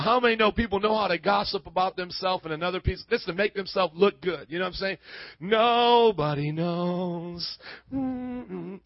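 A man with a high voice preaches a sermon, emphatic and full of call-and-response questions to the congregation. The sound is dull and lo-fi, with a close, dry feel and no room echo. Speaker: pastor.

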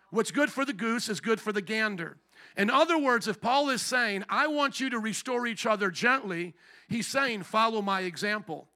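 Male pastor mid sermon, higher voice, keeps asking the room how many know, punchy. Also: pushed and bright. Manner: rhetorical questions to the congregation, emphatic.

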